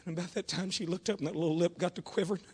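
A man's voice: sits high, fairly even intonation, rapid-fire, slightly rough, long reverb tail. A man preaching a Pentecostal revival sermon, telling stories and calling on the congregation to respond. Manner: storytelling preacher, calls on the congregation.

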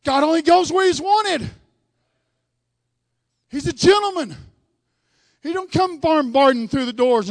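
High-voiced preacher shouting revival. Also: male voice, no echo. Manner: shifts between quiet asides and shouted, drawn-out preaching. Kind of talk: revival sermon. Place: church.

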